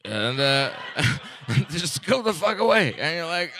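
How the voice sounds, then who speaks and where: A man's voice: on the high side, slight background noise. Rambling forty-something man doing stand-up. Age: 40s. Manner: rambling, deadpan, with halting restarts; profane. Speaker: stand-up comedian. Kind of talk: stand-up comedy set.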